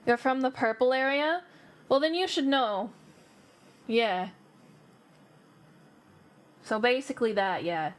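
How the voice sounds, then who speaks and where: A woman's voice: on the high side, slow, pauses often. A young woman streamer from the American South, chatting casually with her viewers and thinking aloud. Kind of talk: casual chat with live viewers. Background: faint background music.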